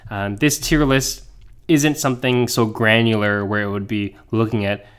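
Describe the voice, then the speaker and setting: A man's voice: on the low side, fairly even intonation, moderate pace, a bit bright, clear, resonant tone. Joking, rambling male podcast co-host. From Canada. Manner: joking, rambling, laughs easily. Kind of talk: casual chat.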